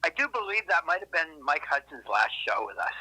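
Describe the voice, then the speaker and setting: Guy rambling thru old band stories, cussing a lot, really bright edgy voice. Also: a little high, big pitch swings, a little fast, slightly rough, poor audio. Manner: rambling, profane, self-correcting asides. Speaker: interviewed musician. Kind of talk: casual interview storytelling.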